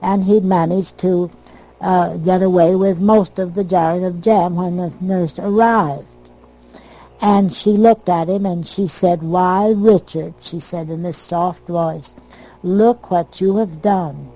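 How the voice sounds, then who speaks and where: An older American woman telling family stories from her past in a plain, unhurried way. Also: on the low side, fairly even intonation, dark tone, low-quality recording. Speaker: storyteller. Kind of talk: oral history reminiscence.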